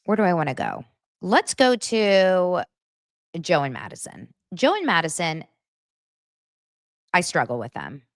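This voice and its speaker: A woman's voice: lowish voice, huge pitch swings, measured pace, long pauses, dry recording, studio quality. A woman hosting an entertainment podcast, giving a chatty, opinionated recap of reality TV.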